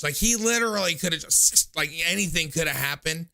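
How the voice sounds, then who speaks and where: Young guy hosting a call-in stream, rambly and self-mocking, gravelly edge, bright tone. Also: fairly high pitch, lively intonation, a little fast, few pauses. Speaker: call-in show host. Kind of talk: casual livestream call-in chat.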